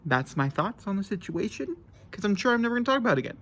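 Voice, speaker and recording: A young man chatting casually to camera about a book he is reading, excitable and rambling, with sudden jumps up into high squeals. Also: racing. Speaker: book reviewer. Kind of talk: casual book vlog chat.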